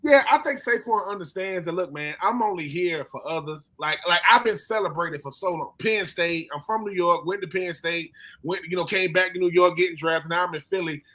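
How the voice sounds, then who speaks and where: A man hosting a casual sports chat, telling animated stories and acting out quotes in slangy talk. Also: high voice, a little fast. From Philadelphia. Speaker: podcast host.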